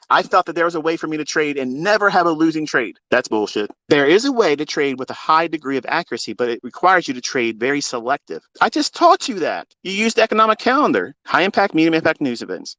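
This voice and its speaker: A middle-aged man, a trading mentor, giving a blunt, swearing, preachy rant into a phone, with big swings in pitch and pace. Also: fairly bright tone, no echo, rough recording. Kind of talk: unscripted motivational rant.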